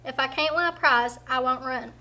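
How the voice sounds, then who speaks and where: A boastful male rabbit from a storybook folktale, drawing out his words as he brags, as a woman reads his part. The voice sits high and bright, heard from a little distance off. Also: moderate pace.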